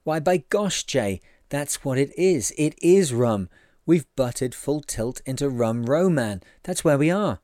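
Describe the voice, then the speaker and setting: A man voicing an excited young male sailor who exclaims eagerly, higher than his narrating voice. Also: a little slow, no echo, clean studio sound, close to an everyday voice.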